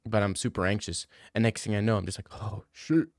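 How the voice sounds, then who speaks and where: A man's voice: fairly low pitch, level tone, quick pace, no room sound, clean studio sound. A young man chatting casually on a stream, rambling and swearing freely. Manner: loose, rambling and profane.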